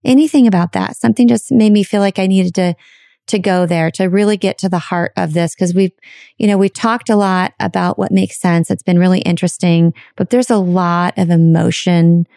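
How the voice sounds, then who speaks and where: Brief: woman host, low gravelly voice, mellow and dry, emotional and affirming. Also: fairly even intonation, moderate pace, no room sound. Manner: warm, emotional, many affirming murmurs. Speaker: podcast host. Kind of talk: casual interview chat.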